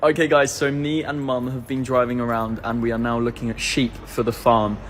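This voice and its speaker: A man talking in a casual, excitable vlog style, filming himself on a phone at home and out at a farm. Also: a little fast. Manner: chatty and excitable, coos high at animals. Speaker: vlogger.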